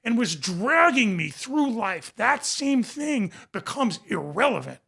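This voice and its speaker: A high-pitched man with a bright, forceful voice talks in a passionate, emphatic way. He repeats phrases to drive each point home and speaks as a recovery coach and podcast guest. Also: very animated, takes it slowly, creaky, breathy edge. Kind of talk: passionate conversation.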